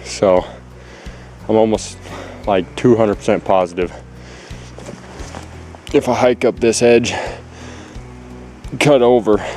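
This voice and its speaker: A man's voice: fairly low pitch, takes it slowly, pauses often, mellow, soft background music. A man out of breath on a hunting trip, talking to the camera in a rambling, anxious way with lots of fillers, recorded outdoors on a handheld camera. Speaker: hunter vlogging outdoors. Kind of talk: casual vlog to camera. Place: outdoors in a forest clear cut. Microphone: handheld camera held close.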